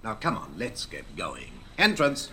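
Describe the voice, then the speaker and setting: Stage producer, bossy, impatient, bright voice, very lively pitch, radio play. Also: male voice, slight background noise, full character voice. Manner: brisk, impatient, commanding. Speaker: theatre producer directing a rehearsal.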